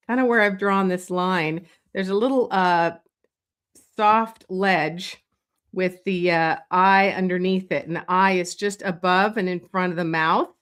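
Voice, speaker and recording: A woman leading a live drawing lesson, talking slowly and thinking aloud as she sketches, with many pauses and fillers. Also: medium pitch, a bit bright. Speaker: drawing instructor. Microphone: streaming setup.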